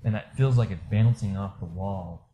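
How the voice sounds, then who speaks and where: A man candidly telling a personal story in a casual, rambling way, full of fillers, going quiet at the low moments. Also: normal speed, noisy background. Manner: candid, rambling, many fillers, drops soft when reliving low moments. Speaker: storyteller sharing a personal experience.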